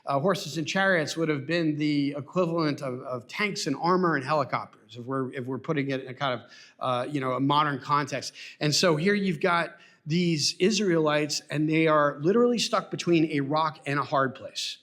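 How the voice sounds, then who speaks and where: A man's voice: a little high, normal speed, a bit bright. A man preaching a sermon in a church, earnest and repetitive, asking rhetorical questions. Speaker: pastor. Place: church sanctuary.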